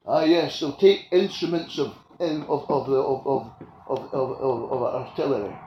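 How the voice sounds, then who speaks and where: A man preaching a sermon with passion, swinging between loud declarations and quiet asides. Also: mid-range voice. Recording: echoey room with faint ambient noise.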